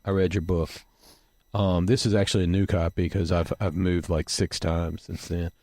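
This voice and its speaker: A male podcast host talking gently with his guests and reading a passage from a book aloud. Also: low voice, level tone, moderate pace, no room sound. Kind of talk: interview conversation.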